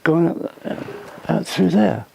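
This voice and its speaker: An older inn owner giving a rambling tour, tired and halting, often restarting his sentences. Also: a little high, animated, creaky, a little mellow, slightly rough. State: tired, voice fading. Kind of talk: rambling casual talk. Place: old inn, indoors.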